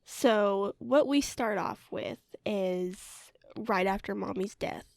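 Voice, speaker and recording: Young female co-host, relaxed and halting, vocal fry, dry close mic. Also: mid-range voice, dry recording. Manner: hesitant, many fillers, laid-back. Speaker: podcast co-host. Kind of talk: casual anime review chat.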